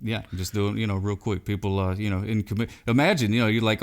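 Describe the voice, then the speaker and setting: A man, chatting as a podcast guest in a rambling, folksy, deadpan way with deliberately broken grammar. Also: lowish voice. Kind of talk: deadpan comedic chat.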